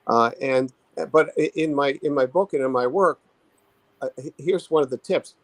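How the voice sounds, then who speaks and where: A male therapist talking through his ideas in a halting, thoughtful way, full of restarts. His voice sits in an ordinary middle register. The sound is close and dry, with no room around it. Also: mid-range voice, no room sound, poor audio. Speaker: therapist and author, interview guest. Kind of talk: conversational expert interview.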